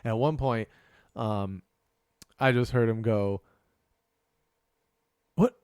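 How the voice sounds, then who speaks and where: A man's voice: medium pitch, takes it slowly, long pauses, clear, resonant tone, no room sound, clean studio sound. Casual swearing male podcast host. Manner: swears often, acts out shouting gamers. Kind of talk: casual chat.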